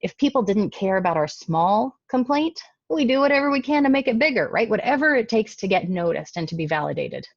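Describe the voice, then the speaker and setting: A woman's voice: mid-range voice, sing-song, a little fast, creaky, few pauses, no echo. A middle-aged woman giving a conversational lecture, often checking in with "okay?" and "right?". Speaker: communication lecturer. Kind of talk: recorded lecture talk. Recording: dull, dry, lo-fi sound.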